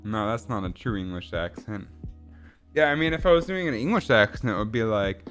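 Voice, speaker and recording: A man's voice: on the low side, lively intonation, fairly quick, fairly bright tone, soft background music. A man casually chatting with viewers while building a game, rambling, swearing and laughing. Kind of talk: casual livestream chat.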